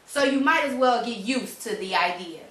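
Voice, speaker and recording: A woman voicing a patient father who speaks in a steady, reasonable way, reading a storybook. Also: on the high side, normal speed. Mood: firm. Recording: roomy, distant mic.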